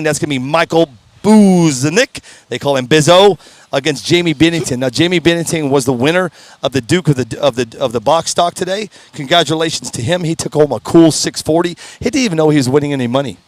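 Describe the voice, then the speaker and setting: A man's voice: fairly high pitch, a little fast, no room sound. Man, race announcer, upbeat and folksy, strained voice, dry close sound. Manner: upbeat, folksy, fumbles names. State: strained voice, clearing throat. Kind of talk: live drag racing commentary. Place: at a racetrack.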